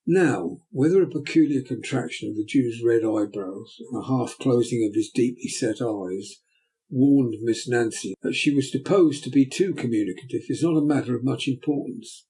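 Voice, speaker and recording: A man reads a classic novel aloud in measured, dramatic audiobook narration. His voice is dark and mellow with a gravelly, husky texture. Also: mid-range voice, low-quality recording.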